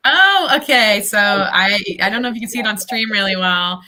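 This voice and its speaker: Bright-voiced chatty woman actor. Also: medium pitch, animated. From southern Ohio. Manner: chatty, talks in quick bursts with many fillers. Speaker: actor and guest. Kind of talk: casual livestream interview.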